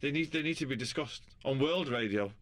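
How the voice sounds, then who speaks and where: A man in his forties talks through a casual interview with blunt, sardonic humour and freely dropped swear words. His voice sits at an ordinary middle pitch. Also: fairly quick. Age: 40s. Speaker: musician guest.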